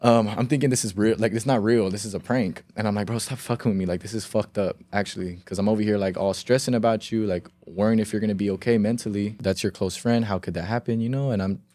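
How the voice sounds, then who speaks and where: Low, mellow-voiced young man telling a story. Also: fairly even intonation, fast, hardly any pauses, dry recording. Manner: rambling, heavy filler words and reenacted quotes; swears freely. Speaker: podcast guest. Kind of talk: casual storytelling. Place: podcast studio.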